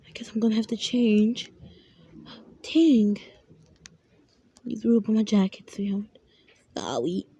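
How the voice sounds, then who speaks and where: Woman as a gentle, worried mom. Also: fairly high pitch, measured pace, long pauses, highs cut off. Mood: tender. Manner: soft, often whispered. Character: caring worried mother. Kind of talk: family role-play.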